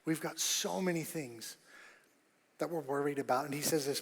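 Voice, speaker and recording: Pastor, man, high-pitched, emphatic sermon delivery, long church-hall reverb. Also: normal speed, gravelly. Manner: emphatic, rising to loud bursts, repeats key phrases. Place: church auditorium.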